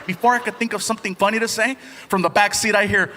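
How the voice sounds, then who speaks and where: Animated high-voiced comedian in a big hall. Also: male voice, fast. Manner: animated, jumps between voices. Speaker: stand-up comedian. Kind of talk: stand-up storytelling. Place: large comedy venue. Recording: live hall with audience noise.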